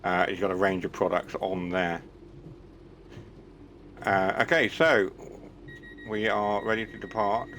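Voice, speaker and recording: A chatty man talking loosely through a live stream, wandering from topic to topic with a self-deprecating edge. His voice sits somewhat low. A faint background hum runs under his talk. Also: steady tone, unhurried, long pauses, a bit bright. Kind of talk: casual live-stream chat.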